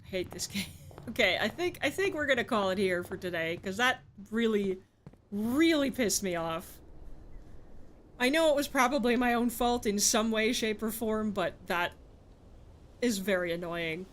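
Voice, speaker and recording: A woman's voice: medium pitch, animated, moderate pace. A woman streaming a game, talking casually to her chat, frustrated and swearing, rambling with restarts.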